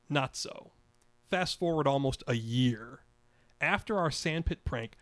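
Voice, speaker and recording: A man's voice: mid-range voice, fairly bright tone. An older man in his eighties reading his own memoir story aloud, wry, chuckling now and then. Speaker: podcast storyteller.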